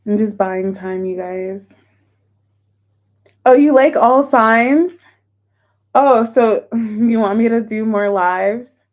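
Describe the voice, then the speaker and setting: Female tarot reader, talks casually and gets emotional, somewhat high pitch. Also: slow, pauses often, a little mellow. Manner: chatty, emotional, exclamatory. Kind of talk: casual tarot reading for viewers.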